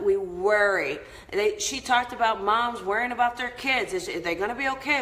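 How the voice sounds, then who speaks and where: A woman's voice: mid-range voice, moderate pace, fairly bright tone, echoey room, poor audio. A woman hosting a casual live-stream chat, upbeat and chatty, laughing often as she talks to her viewers. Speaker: host of a live inspirational show.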